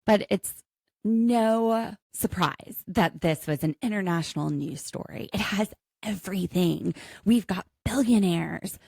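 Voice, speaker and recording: Woman, lawyer co-host of a podcast; low, fry-tinged voice; casual and joking, dry recording. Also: darkish tone, dry recording. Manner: chatty and quick with quips, laughs often.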